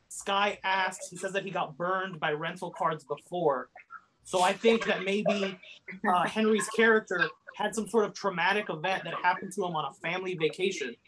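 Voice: medium pitch, noisy background. A podcast host rambling through a fan theory with many fillers. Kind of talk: casual chat.

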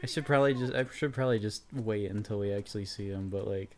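A man's voice: lowish voice, fast. A young man hosting a let's play who chats casually over the gameplay, laughing and swearing as he rambles.

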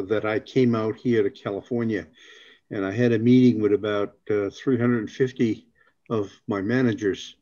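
A man with a Boston accent tells a story on a business panel. His voice is gravelly and he often repeats his words. The recording sounds dull and lo-fi. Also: medium pitch, darkish tone.

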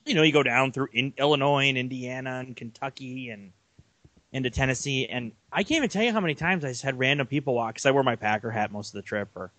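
A young man co-hosting a casual sports podcast, telling long rambling stories with animated energy. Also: mid-range voice, fast talker, no echo. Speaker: podcast co-host.

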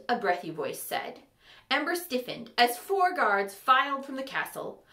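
A woman reading a fantasy story aloud, with expressive, animated storybook narration. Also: unhurried, echoey room. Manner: animated, with shifting pitch for characters. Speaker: audiobook reader.

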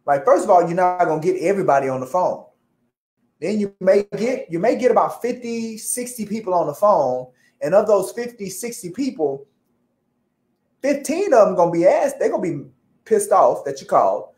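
A woman co-hosting a casual chat, talking in a playful, slangy, lively way. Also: mid-range voice, normal speed, reverberant. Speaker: co-host.

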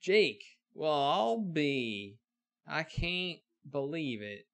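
Game NPC: busy old frontier blacksmith with folksy western drawl, gravelly and a touch raised in pitch, done by a streamer. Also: male voice, very animated, very slow, exaggerated voice. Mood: amazed, secretive. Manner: old-timey western drawl, homespun sayings.

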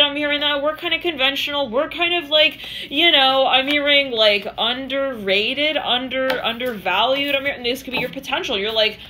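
A woman's voice: high-pitched, sing-song, a little fast, hardly any pauses, pushed and bright, a little hiss or hum. A woman giving a channeled tarot reading, rambling in a stream-of-consciousness way and acting out the voices she quotes. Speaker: tarot reader.

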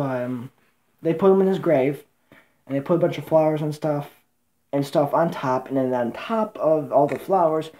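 A man's voice: fairly high pitch, warm tone. A man giving a casual spoken movie review, rambling and emotional with many fillers and restarts. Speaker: channel host and movie reviewer.

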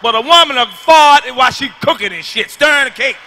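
A man doing a stand-up comedy routine, loud and emphatic, hammering his punchlines over and over with a delivery. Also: very high-pitched, expressive, brisk.

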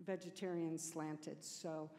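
A woman in the audience at a conference asking a long, halting question. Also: sits low, flat delivery, mellow. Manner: rambling, halting, laughing self-consciously. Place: conference hall. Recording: reverberant hall.

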